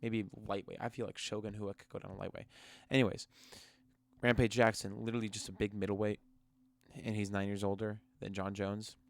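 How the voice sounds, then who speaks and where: A man's voice: fairly low pitch, level tone, brisk, vocal fry. A man giving casual, sarcastic reaction commentary on MMA fighters and ranting with many restarts.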